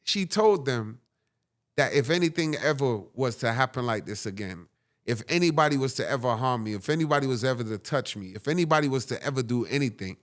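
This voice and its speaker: A man, a guest on an interview show, telling a personal story with dramatic, animated delivery and frequent "right?"s. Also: medium pitch, fairly quick.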